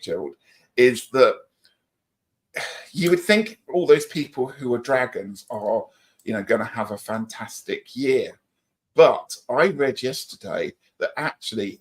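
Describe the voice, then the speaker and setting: A middle-aged man co-hosting a livestream, chatting casually and reading out viewer comments in an upbeat, friendly way. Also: on the low side. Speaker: livestream co-host.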